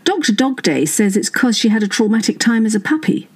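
Woman putting on a high whiny fed-up pregnant wife in a funny story, kinda breathy. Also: sing-song, brisk. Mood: exasperated. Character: fretful pregnant young wife, sharp-tongued.

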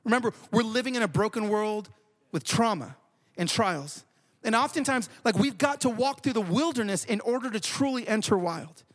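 A man preaching a sermon, an animated storyteller who often repeats words. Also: high voice, moderate pace. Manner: animated, repeats words while telling stories. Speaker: pastor.

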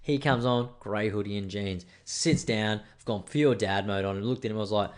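A man's voice: lowish voice, moderate pace. A man with an Australian accent telling a rambling, profane, self-mocking story in a casual monologue.

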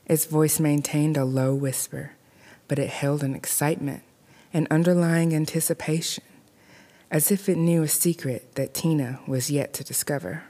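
A woman narrating a scripted horror story in a measured, deliberate way. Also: deep voice, steady tone, warm tone.

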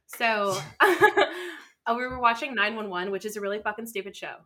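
A woman's voice: medium pitch, animated, normal speed, bright, forceful tone. A young woman in casual chat with friends, blunt and profane, laughing often.

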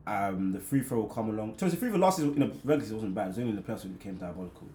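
A man's voice: fairly low pitch, lively intonation, very fast, dark tone. A man chatting casually about basketball, rambling and thinking aloud with fillers. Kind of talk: casual sports chat. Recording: echoey room with faint noise.

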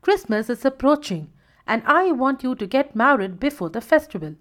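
A worried, loving lioness mother from a storybook, pleading gently but firmly with her son, voiced by a woman. Her voice rides noticeably high and lively. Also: moderate pace. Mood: gentle.

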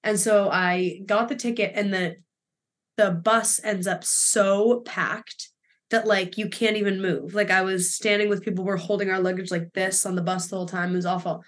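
A young woman co-hosting a podcast, telling a story in casual chat with an animated, laughing, swearing delivery. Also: medium pitch, normal speed. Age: young adult. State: emotional. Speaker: podcast co-host.

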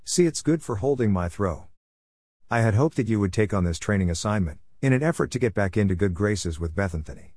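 A man's voice: lowish voice, animated, brisk, darkish tone, no room sound, studio quality. A man voicing a pompous, formal male angel of death who talks in a stiff, correct, lecturing way. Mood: stern.

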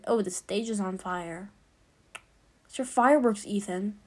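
A woman's voice: medium pitch, measured pace. A woman chatting casually as she plays a game, reading its lines aloud and reacting along the way. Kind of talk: gameplay commentary.

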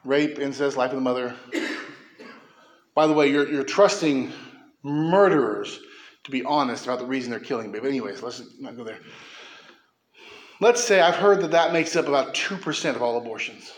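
A man preaching a sermon as pastor, impassioned, swinging from quick asides to slow, emphatic declarations. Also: medium pitch, roomy sound.

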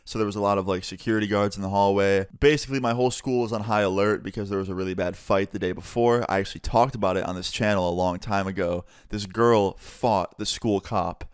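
A young man chats through a storytime in a relaxed, conversational way, acting out each side of the dialogue. His voice sits on the low side and comes across smooth and clear, recorded close and dry with no room sound. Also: no echo. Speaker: YouTuber. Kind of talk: storytime narration.

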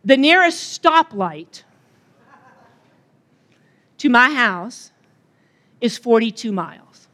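A woman's voice: on the high side, big pitch swings, takes it slowly, long pauses, a bit bright. A middle-aged woman giving a chatty opening talk at a retreat, joking and bantering with the audience. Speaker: retreat speaker.

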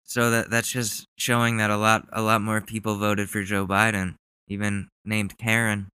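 A man's voice: lowish voice, level tone, normal speed, pushed and bright, clean tone. A young man hosting a podcast, chatting casually in a rambling, profane way. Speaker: podcast host. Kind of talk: casual chat.

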